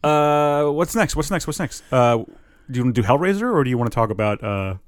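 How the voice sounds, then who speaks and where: Male co-host, mid-pitched, eager fan, stammers and restarts, dry close mic. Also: lively intonation, fairly quick, smooth, dry recording. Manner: enthusiastic, hesitant with stammered restarts. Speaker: podcast co-host. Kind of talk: casual chat.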